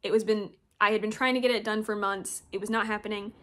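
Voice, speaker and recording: A woman's voice: medium pitch, steady tone, fast talker, fairly bright tone. A young woman in a casual book haul vlog, chatty and gushing as she shows off her new books. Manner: gushing, chatty, reads blurbs aloud. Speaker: booktuber.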